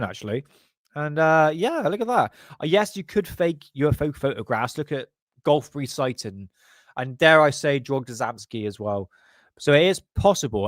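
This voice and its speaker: Male vlog host, crude and jokey, mid-pitched, dry close mic. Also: no room sound. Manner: crude, joking, laughs often. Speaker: channel host. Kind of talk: casual commentary on paranormal photos.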